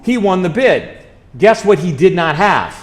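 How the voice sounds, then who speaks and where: A man's voice: high-pitched, big pitch swings, measured pace, crowd noise. A man, a college chaplain, telling stories over slides and quizzing a live audience in a chatty way. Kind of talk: slide-show trip presentation.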